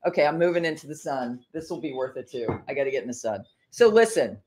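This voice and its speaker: A woman's voice: a bass voice, sing-song, fast talker, darkish tone, breathy edge. A middle-aged woman hosting a rambling faith livestream from home, chatty and easily distracted, laughing often. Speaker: livestream host.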